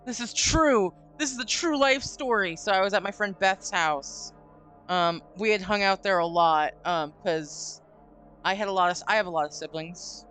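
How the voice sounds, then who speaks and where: Woman, host, casual story, animated, swears, faint background music. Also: mid-range voice, moderate pace, clear, resonant tone. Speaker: streamer host. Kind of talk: casual chat, telling a story. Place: home stream room. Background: faint spooky music.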